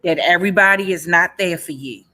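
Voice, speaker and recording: A woman's voice: on the low side, fairly quick, sharp tone. A woman in her forties speaking earnestly about her own life. She talks emphatically and repeats her key phrases. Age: 40s. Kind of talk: personal testimony in a panel session.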